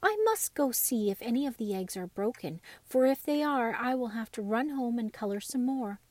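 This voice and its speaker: A woman's voice: fairly high pitch, animated, normal speed, darkish tone, no room sound. A woman voicing a timid little male Easter bunny with a quavery voice in a storybook reading. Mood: gentle.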